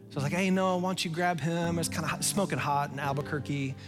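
A male pastor preaching a sermon, telling stories in an animated way and laughing at himself. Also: a little high, quick pace, long reverb tail, over music.

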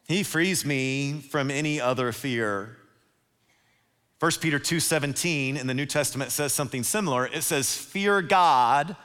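A man preaching a sermon as pastor, animated and acting out the voices he quotes. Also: a little high. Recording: long hall reverb.

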